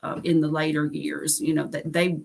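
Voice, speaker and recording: Low gravelly Southern woman chatting. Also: flat delivery, moderate pace, darkish tone. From United States. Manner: rambling, many fillers, laughs at herself. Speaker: live stream host. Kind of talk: casual chat on a live stream.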